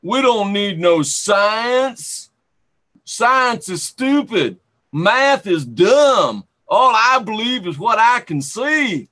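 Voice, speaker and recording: A man putting on the voice of a dimwitted, stubborn man who is against science, talking slowly and loudly in a dopey mocking drawl. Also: high voice, big pitch swings, pitched above the performer's own voice, heavily acted.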